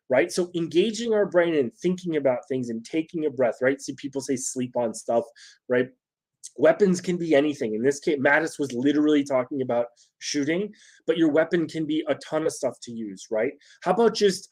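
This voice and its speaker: Here the man's mid-range voice sounds a little mellow. He's at home with a phone nearby, talking conversationally about leadership to his audience, with lots of restarts and a habit of adding "right?" to his sentences.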